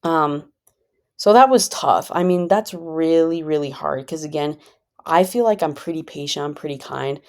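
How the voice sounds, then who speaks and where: A vlogger with a low, darkish voice delivers a casual personal monologue at normal speed. Her talk is rambling, conversational, and full of filler, and she describes herself as a pretty chill person.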